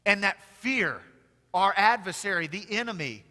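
A male pastor with a high, bright, ringing voice. He preaches in a church sanctuary, rising to loud emphatic peaks and then dropping to hushed asides. The voice trails off into a long hall reverb. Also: moderate pace. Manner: swings from loud emphatic declarations to quiet intimate asides. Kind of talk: sermon.

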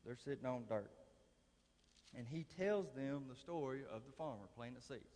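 A man's voice: medium pitch, moderate pace, a little mellow. A man, preaching a folksy sermon with a conversational, drawling manner and dry humor. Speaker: lay preacher. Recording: long reverb of a large hall.

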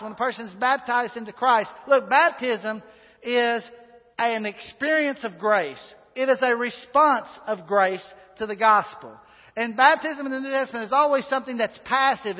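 A man preaching a sermon in a church, folksy and chatty, with asides and fillers. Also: very high-pitched. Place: church sanctuary. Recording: dull sound with long hall reverb.

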